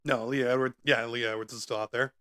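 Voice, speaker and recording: Hosting a live stream from his home, a man gives relaxed, chatty play-by-play commentary full of asides and fillers. His voice is medium-pitched and quick, picked up by a microphone placed close in front of his face.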